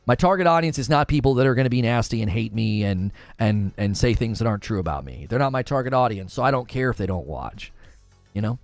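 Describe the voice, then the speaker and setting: A man's voice: on the low side, animated, creaky, no echo, soft background music. Chatty man hosting a gaming stream. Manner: chatty, reads viewer comments aloud quickly. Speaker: gaming livestream host. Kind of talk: casual livestream chat with viewers.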